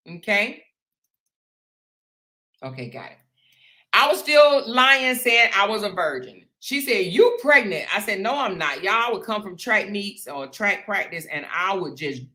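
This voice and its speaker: A woman host telling a personal story to her viewers, animated and chatty, calling them "y'all" and "honey". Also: mid-range voice. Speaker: show host.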